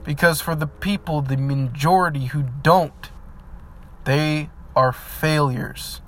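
Slow, earnest man giving a pep talk. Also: a little high, a bit bright. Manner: heartfelt, rambling with many fillers, turning emphatic and blunt. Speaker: vlogger. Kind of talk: earnest motivational monologue.

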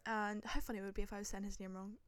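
A woman's voice: medium pitch, flat delivery, rapid-fire, clean tone, no echo. A young woman, telling a dramatic travel story in casual chat, full of swearing and fillers. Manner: swears a lot, dramatic, lots of likes. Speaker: podcast host.

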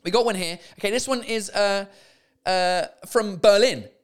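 A man with a high-pitched voice hosts a comedy podcast at normal speed, chatting and swearing casually as he laughs his way through mistranslated signs in a comic monologue.

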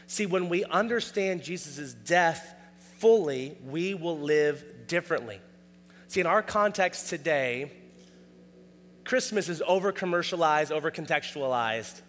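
A man preaching a sermon in a casual, animated way, often acting out quoted dialogue with a raised voice. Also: fairly high pitch, measured pace, long reverb tail, soft background music. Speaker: pastor.

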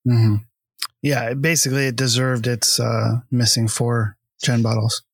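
A man's voice: medium pitch, flat delivery, a little slow, slightly rough, dry recording. A man hosting a casual film podcast, easygoing and jokey, laughing often. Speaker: podcast host.

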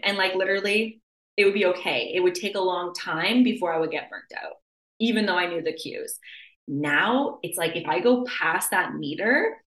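A young adult woman talks through a casual podcast chat in a lowish voice. She's animated and leans on "like" constantly, acting out her inner voice. The room around her is echoey. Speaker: podcast host.

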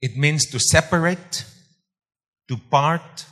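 A man preaching a sermon, emphatic, repeating phrases and swinging loud for stress. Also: fairly high pitch, slow pace, in a large hall.

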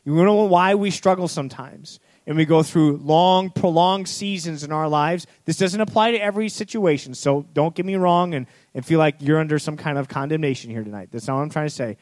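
A man preaching a sermon, telling a parable with swings between urgent speed and hushed, slow emphasis. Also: fairly high pitch, dry recording. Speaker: pastor.

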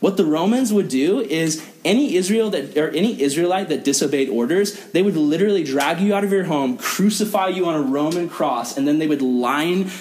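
Earnest young preacher man, fairly high voice. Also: brisk, hardly any pauses, a little hiss or hum. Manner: earnest, animated, acting out quoted voices. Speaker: youth pastor. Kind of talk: sermon to teenagers.

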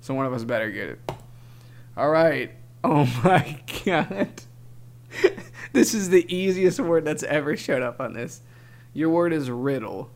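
A man's voice: on the high side, expressive, moderate pace, long pauses, darkish tone. A young man co-hosting a podcast, chatting casually through a spelling game, often laughing and exasperated. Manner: laughing, exasperated, says dude a lot. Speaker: podcast co-host.

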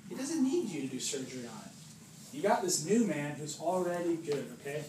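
A man with a fairly high, darkish voice swings widely in pitch while speaking at a moderate pace. As a preacher addressing a small group informally, he chats, jokes, imitates voices, and often asks "right?" It's captured from a distance in a roomy space with background noise.

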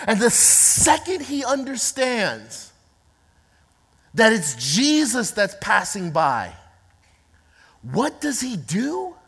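A woman pastor delivers a sermon, slow and emphatic, repeating her points and building to shouts. Her voice is bright and swings widely in pitch. It rings with the long reverb of a large church hall. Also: husky.

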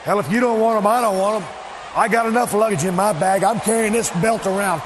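A man cutting a wrestling promo, taunting and mocking, often shouting. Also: high voice, a little fast. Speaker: pro wrestler. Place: arena. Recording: echoey arena audio with faint background noise.

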